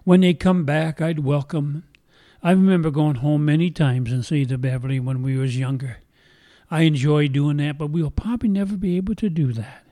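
A man's voice: on the high side, normal speed, warm tone, no echo. An older man preaching a sermon in an earnest, emotional way, retelling a story dramatically.

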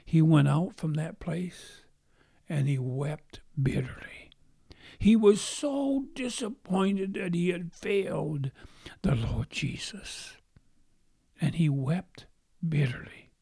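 A man preaching a storytelling sermon, acting out the voices in his story and sinking to hushed whispers at its saddest points. His voice is gravelly and mellow, and he takes his time with each phrase. The sound is dry and close. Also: a little high, lively intonation, slow, no room sound. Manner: dramatic, acts out quotes, drops to whispers.

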